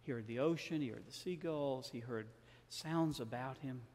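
Southern pastor telling a story, church echo. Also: male voice, mid-range voice, normal speed, a little mellow. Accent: Southern American. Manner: storytelling, acts out dialogue with shifting tone. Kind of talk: sermon. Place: large church sanctuary. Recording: reverberant church hall.

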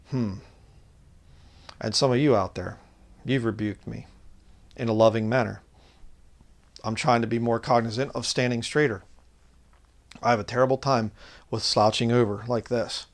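A man preaching informally online, reading scripture slowly and loudly, then talking casually with fillers. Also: mid-range voice, fairly even intonation. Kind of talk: informal Bible teaching.

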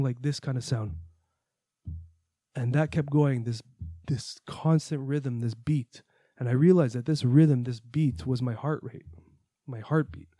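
Mellow-voiced man telling a candid personal story. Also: mid-range voice, dry recording, studio quality. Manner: candid, earnest, reflective, with the odd curse. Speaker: podcast host.

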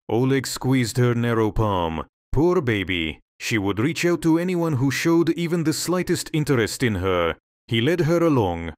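Male storybook narrator, steady delivery, dry booth sound. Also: medium pitch, no echo.

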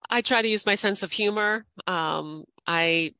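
A woman's voice: mid-range voice, unhurried, bright, forceful tone, dry recording. A woman in her fifties, a life coach, talking reflectively and earnestly as a podcast guest, laughing often. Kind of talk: podcast interview.

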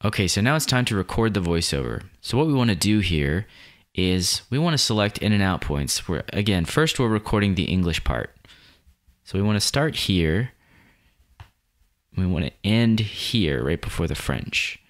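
A man with a deep, low voice guides viewers through a video editing tutorial at normal speed. He covers each step in a relaxed, plain manner, like a screen-recorded lesson.

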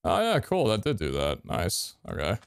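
Brief: male streamer, lowish voice that swings wildly and cracks, excitable play-by-play with swearing. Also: normal speed, creaky, clear, resonant tone, no room sound. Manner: excitable, swears, sudden loud outbursts. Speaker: gaming streamer. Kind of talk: casual gameplay commentary.

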